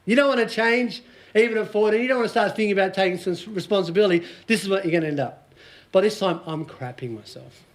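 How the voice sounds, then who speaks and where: Australian coach in his forties, bright and high voice, jokey and conversational with the room. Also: quick pace. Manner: joking, chatty, quizzes the audience. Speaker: business coach speaking to a small group. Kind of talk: casual motivational seminar talk.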